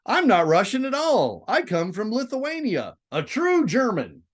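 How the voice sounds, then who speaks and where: A man's voice: high voice, huge pitch swings, unhurried, voice pushed up, full character voice. A man voicing a wistful aristocratic lady. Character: nostalgic aristocratic woman recalling happier days.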